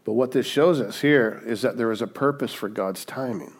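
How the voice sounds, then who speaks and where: A man's voice: mid-range voice, normal speed, gravelly, breathy edge. A male pastor preaching a sermon in a conversational way, often checking in with "right?" as he retells Bible stories.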